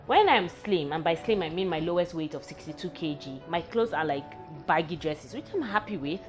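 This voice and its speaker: A woman's voice: fairly low pitch, animated, brisk, over music. A young woman, hosting a candid personal vlog in a frank, wry, self-mocking way. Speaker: vlog host.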